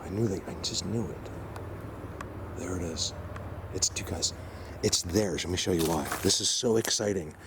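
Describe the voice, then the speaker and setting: A man vlogging on a handheld camera outdoors in the woods, rambling excitedly and talking to his viewers. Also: low voice, normal speed, long pauses. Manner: excitable, rambling, addresses viewers as you guys. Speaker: Bigfoot hunter vlogger. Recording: noisy outdoor camera audio. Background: birds and outdoor ambience.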